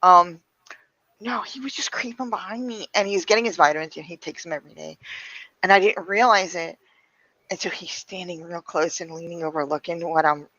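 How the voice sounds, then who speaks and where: A woman's voice: fairly low pitch, brisk, sharp tone, dry recording. A woman chatting casually on a stream and swearing freely as she tells stories. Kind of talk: casual chat. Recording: dry, lo-fi stream audio.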